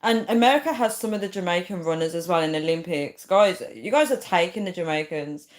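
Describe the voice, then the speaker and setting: A woman's voice: lowish voice, animated, normal speed, darkish tone. A young woman hosting a livestream, chatting casually and rambling as she reads out viewer comments, often breaking into giggles. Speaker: livestream host. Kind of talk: casual live chat reading comments.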